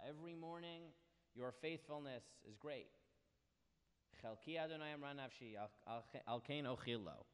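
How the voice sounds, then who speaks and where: A man teaching a Bible class. He reads Hebrew verses and translates them, and his delivery swings between hushed and loud. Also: mid-range voice, clear, resonant tone, long reverb tail. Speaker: Torah teacher.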